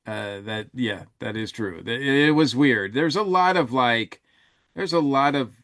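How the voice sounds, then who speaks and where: Slow, rambling male podcast co-host. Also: mid-range voice, expressive, a bit bright, no room sound, studio quality. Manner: rambling, many fillers and restarts. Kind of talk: casual chat.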